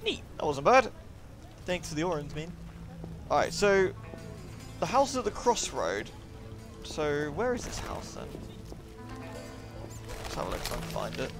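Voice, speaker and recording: A game streamer comments casually on his live stream as he plays, muttering to himself in a slightly high, very animated voice. He speaks a little slowly with long pauses, and game music plays behind him.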